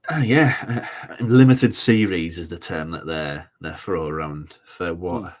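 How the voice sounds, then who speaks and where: A man talks as a guest on a podcast in a halting, wry way. His voice is very deep. He speaks in relaxed, casual chat. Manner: hesitant, many fillers and restarts, wry.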